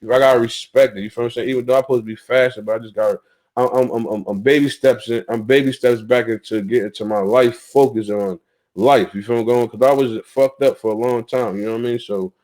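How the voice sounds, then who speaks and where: A man's voice: mid-range voice, fairly even intonation, quick pace, a little mellow. A young man from North Carolina with a Southern accent, hosting a talk show in a blunt, profane way with many restarts. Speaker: podcast host. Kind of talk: casual talk-show monologue.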